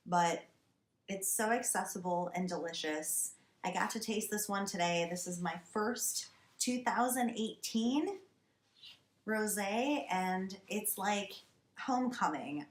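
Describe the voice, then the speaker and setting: A woman in her thirties hosting a wine show, talking to camera in a wry, emphatic, exasperated way from a basement wine cellar. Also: medium pitch. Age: 30s. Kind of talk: casual comic monologue to camera. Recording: roomy echo.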